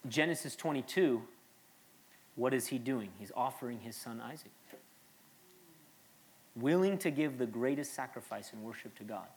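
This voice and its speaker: A man's voice: mid-range voice, moderate pace, long pauses. A man in his late thirties, a pastor preaching an earnest, conversational sermon with frequent restarts and asides.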